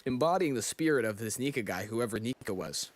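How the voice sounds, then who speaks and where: A man's voice: medium pitch, expressive, a little fast. A man reacting casually on a live stream, thinking aloud and talking to his chat while yawning. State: sleepy, yawning. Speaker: streamer reading manga live.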